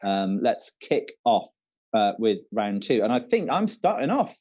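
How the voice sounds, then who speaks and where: Shrewsbury man, lower register, animated delivery; chatty quiz co-host who laughs easily. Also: measured pace, no room sound, muffled recording. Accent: Shrewsbury English. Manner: chatty, laughs often, hesitant with "um". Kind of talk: casual live-stream quiz banter. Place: office.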